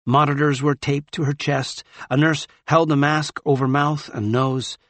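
A man narrating a novel in a measured, grave manner. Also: fairly high pitch, level tone, a bit bright, dry recording. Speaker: audiobook narrator. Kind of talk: scripted narration.

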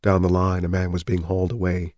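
A man narrating a novel in an even, measured audiobook reading. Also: sits low, no echo.

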